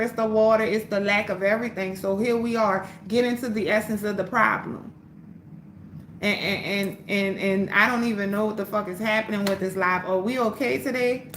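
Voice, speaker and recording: A woman's voice: fairly high pitch, fairly bright tone, echoey room, slight background noise. A woman from New Orleans with a New Orleans accent, hosting a casual livestream, answering viewer questions in a blunt, profane, preachy way and repeating phrases for emphasis. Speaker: livestream host selling herbal teas. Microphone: phone or webcam livestream.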